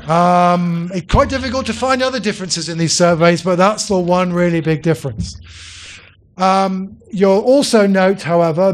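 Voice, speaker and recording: In a lecture hall, a male politics professor talks through poll data in a brisk, dryly witty way, stressing words emphatically and saying "um" a lot. His voice sits on the high side.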